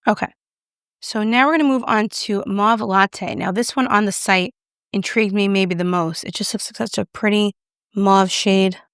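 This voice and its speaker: A woman's voice: mid-range voice, steady tone, moderate pace, a bit bright, clean tone, no echo, clean studio sound. A young woman casually reviewing makeup, chatty and self-deprecating as she applies it on camera. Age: young adult. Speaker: beauty YouTuber.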